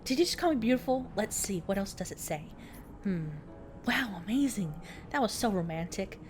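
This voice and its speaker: A woman's voice: mid-range voice, expressive, normal speed, a little hiss or hum, lightly acted. A woman reading a young female game character's lines aloud, swooning over a love letter. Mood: dreamy.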